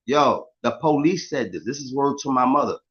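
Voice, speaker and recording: Animated New man, lo-fi sound. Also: mid-range voice, normal speed. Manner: animated, emphatic street storytelling. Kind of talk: casual chat. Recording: dull lo-fi sound.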